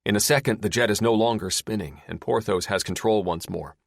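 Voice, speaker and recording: A man's voice: on the low side, brisk, vocal fry, no echo, clean studio sound. A man narrating an action-heavy audiobook in a dramatic, scripted style.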